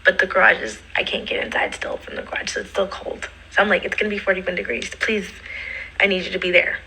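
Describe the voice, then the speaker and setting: A woman's voice: fairly low pitch, quick pace, slight background noise, poor audio. A young woman casually retelling a personal story, acting out the quotes and dropping into whispered asides. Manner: animated, acts out quotes, drops to whispered asides.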